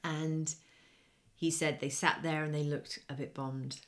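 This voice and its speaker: A middle-aged woman co-hosting a podcast, telling an animated anecdote in casual chat. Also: low-pitched, a little slow. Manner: animated anecdote-telling, acts out quoted voices. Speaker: podcast co-host.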